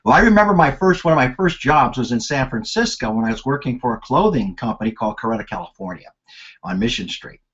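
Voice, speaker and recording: A man in his sixties teaches a sales and marketing lesson in a husky, slightly rough, mid-range voice at a quick pace. He tells lively anecdotes, his voice rising and falling with the stories. The audio is dull and lo-fi, like a webinar.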